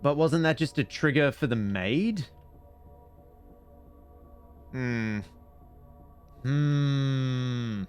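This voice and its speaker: A man's voice: medium pitch, drawn-out words, pauses often, soft background music. A man streaming a mystery game, with casual, sarcastic, muttering commentary as he plays.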